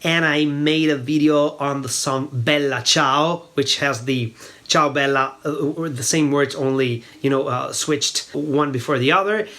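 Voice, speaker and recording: A man's voice: fairly high pitch, a little slow, pushed and bright. A man from northern Italy with a northern Italian accent, a native Italian speaker, teaching Italian in English and patiently repeating words to show how they are said. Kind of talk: explanatory language lesson.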